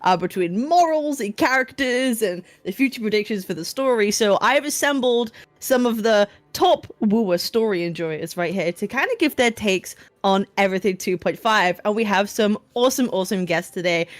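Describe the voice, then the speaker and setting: A woman's voice: mid-range voice, lively intonation, normal speed, hardly any pauses, no room sound. A woman hosting a podcast, upbeat and giggly as she introduces guests and moderates. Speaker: podcast host.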